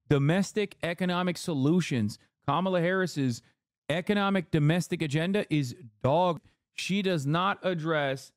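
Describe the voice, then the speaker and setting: A man ranting over news clips in a dry, close-sounding voice pitched a little high. He mocks what he hears with sarcasm, profanity and put-on voices, loose and conversational. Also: no room sound. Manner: sarcastic, mocking rant with put-on quoted voices. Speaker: streamer reacting to news clips. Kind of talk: casual profane commentary.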